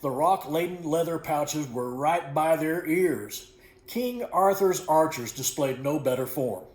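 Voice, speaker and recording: A man reads his own storybook in a folksy, unhurried voice that sits a bit high for a man. He stumbles now and then and corrects himself. The recording carries a noticeable room echo. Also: animated. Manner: folksy, unhurried, with small slips corrected as he goes. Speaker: author reading his own book. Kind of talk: storybook narration. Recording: echoey room.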